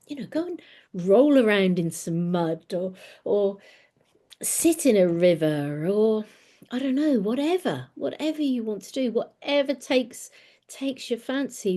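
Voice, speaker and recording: Slow, earnest woman in her sixties. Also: medium pitch, mellow. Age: 60s. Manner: unhurried, earnest, repeats words as she gathers thoughts. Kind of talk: reflective spoken talk on personal growth.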